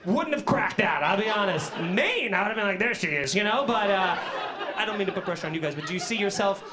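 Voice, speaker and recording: A man's voice: high voice, quick pace, heavy background noise. A man performing stand-up comedy in a small club, brash and profane, chatting with the crowd and acting out little scenes. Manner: brash, profane, animated storytelling with acted-out asides. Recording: live club audience laughing.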